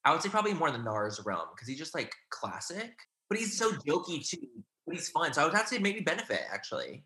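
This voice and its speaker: A young man as an interview guest, chatting casually and gushing in animated asides. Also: a little high, fast.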